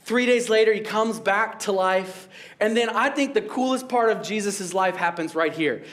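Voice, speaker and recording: A man's voice: high-pitched, normal speed, a bit bright. A young adult male pastor preaching a sermon in a casual, jokey way, laughing at his own jokes.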